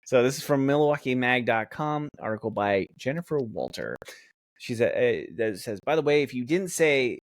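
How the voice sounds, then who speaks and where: A man's voice: medium pitch, sing-song, normal speed, no room sound, clean studio sound. A young man co-hosting a comedy podcast, joking, swearing and reading facts aloud in casual banter. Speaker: podcast co-host.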